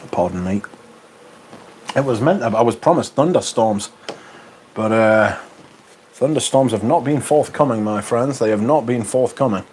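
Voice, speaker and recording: A man's voice: on the low side, darkish tone, slight background noise. A man with a Northern English accent hosting a livestream, chatting casually and reading out viewer comments with dry banter. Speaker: livestream host.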